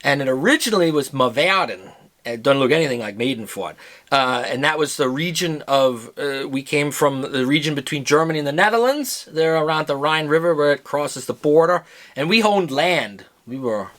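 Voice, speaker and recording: A man's voice: a little high, animated, normal speed, fairly bright tone. A man from Pennsylvania, hosting a casual chat, joking and laughing often as he talks. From Pennsylvania, USA. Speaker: host.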